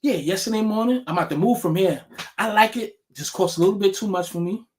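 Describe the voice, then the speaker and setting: A man's voice: sits high, fast. Profane, rambling man ranting to camera. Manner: profane, animated, many restarts. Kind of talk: rambling casual rant to camera.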